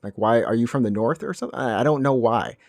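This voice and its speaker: A man's voice: medium pitch, expressive, fast, creaky, no echo, studio quality. A man from Alabama without a Southern accent, co-hosting a gaming podcast in casual, rambling chat with many restarts. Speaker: podcast co-host.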